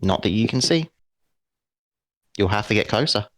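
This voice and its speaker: A man running a tabletop game as game master, narrating slowly and deliberately. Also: lowish voice, expressive, fairly bright tone.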